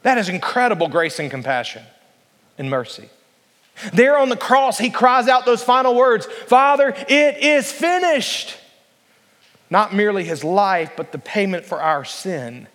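A man preaching a sermon as pastor, earnest and deliberate, slowing down to read scripture and prompting the congregation to answer. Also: high-pitched, big pitch swings, fairly bright tone, in a large hall.

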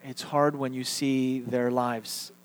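A man's voice: mid-range voice, little pitch movement, slow. A man preaching a sermon as pastor, speaking conversationally and leading his congregation in call-and-response. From Texas. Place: church sanctuary. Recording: reverberant hall.

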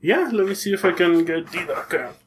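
A man's voice: sits high, animated, fairly quick, a little hiss or hum. A man who runs a tabletop game, chatting in an interview in an enthusiastic, rambling way and correcting himself as he goes. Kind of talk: casual interview chat.

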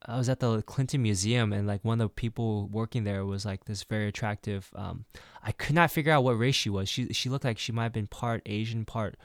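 A man's voice: fairly low pitch, a little fast, no echo. Dry-sounding man telling rambling stories. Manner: rambling storytelling, many restarts; acts out quoted dialogue. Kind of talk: casual chat.

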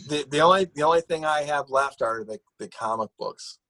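A man's voice: fairly high pitch, a little fast, sharp tone, low-quality recording. Rambling man in casual chat. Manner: rambling, restarts a lot.

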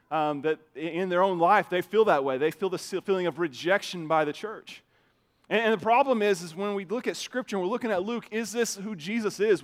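High-voiced man preaching conversationally. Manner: conversational preaching, often repeats words when starting a phrase; loudness swings widely, from soft asides to emphatic raised lines. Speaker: pastor. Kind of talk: sermon.

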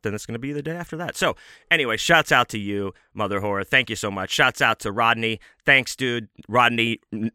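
A man hosting his own podcast, talking in a laid-back, rambling way with plenty of fillers as he gives shout-outs. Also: lowish voice, clear, resonant tone, no echo, studio quality. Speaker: podcast host.

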